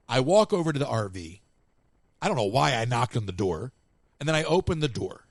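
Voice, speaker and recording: A man's voice: medium pitch, fast, dry recording. A man hosting a live call-in show, telling casual anecdotes and acting out what other people said. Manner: animated anecdotes, acts out other people's lines. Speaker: radio show host. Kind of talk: casual storytelling to live callers.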